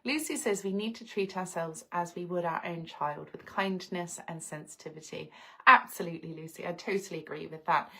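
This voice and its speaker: A woman's voice: on the low side, fairly quick, vocal fry, bright, forceful tone, low-quality recording. A woman from the UK hosting a live stream, reading out viewer comments and talking in an earnest, heartfelt, reflective way. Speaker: livestream host.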